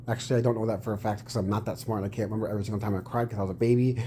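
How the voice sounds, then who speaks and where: A man's voice: fairly low pitch, steady tone, rapid-fire, hardly any pauses, mellow, slight background noise. A man giving casual reaction commentary on his own clip, rambling and swearing, sometimes explaining things in a mock-preachy tone.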